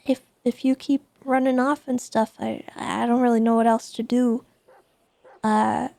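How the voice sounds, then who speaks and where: A woman in her thirties playing a gentle, reassuring police officer in a game role-play, often restarting her words. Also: on the high side, little pitch movement, measured pace, vocal fry, no echo. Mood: soothing. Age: 30s. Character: calm woman police officer Tessa, caring.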